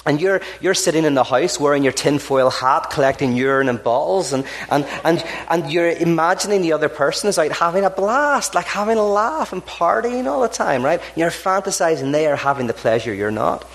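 A man's voice: a little high, fairly quick, hardly any pauses. Man telling stories. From Ireland. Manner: animated, acts out characters in jokes. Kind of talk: storytelling talk to an audience.

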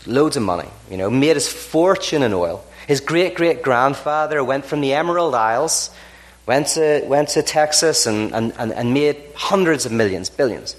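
Guy telling stories to a crowd, animated, does little voices for the people in his jokes. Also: mid-range voice, moderate pace. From Ireland. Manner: animated, acts out characters in jokes. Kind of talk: storytelling talk to an audience.

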